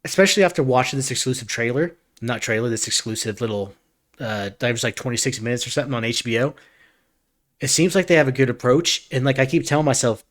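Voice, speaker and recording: A man's voice: medium pitch, quick pace, a bit bright. A man streaming a reaction, talking casually in an earnest, rambling way with frequent restarts.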